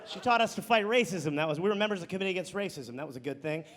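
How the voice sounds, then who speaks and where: Sardonic stand-up man, high voice. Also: animated, racing, fairly bright tone. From Wisconsin, US. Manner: sardonic storytelling. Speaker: stand-up comedian. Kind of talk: stand-up comedy. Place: comedy club stage. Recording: live club with audience laughter.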